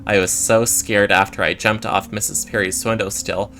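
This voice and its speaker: A man's voice: on the low side, level tone, moderate pace, bright, forceful tone, soft background music. A man reading the lines of a frightened, apologetic young female cat.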